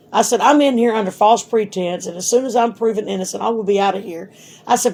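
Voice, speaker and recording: A woman's voice: mid-range voice, fairly quick, darkish tone, slightly rough. A middle-aged woman, a mother telling her grown son blunt stories in casual talk, swearing freely. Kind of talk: casual storytelling.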